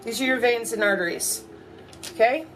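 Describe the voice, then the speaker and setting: Woman ranting to camera, sarcastic and swearing a lot, higher voice, bit of hiss in the background. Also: moderate pace, fairly bright tone. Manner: sarcastic, mocking, profane. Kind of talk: ranting monologue.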